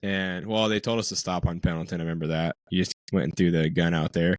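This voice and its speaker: A man co-hosting a casual podcast, relaxed and laughing often as he reminisces. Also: deep voice, fast, dry recording. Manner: laid-back, laughs often, lots of "dude" and "man". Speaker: podcast co-host, former Marine. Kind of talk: casual chat.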